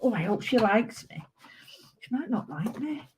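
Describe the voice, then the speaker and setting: Very animated and a bit high-pitched, a woman leads a live craft demo at a moderate pace, chattering giddily to viewers with plenty of exclamations. Heavy background noise runs underneath.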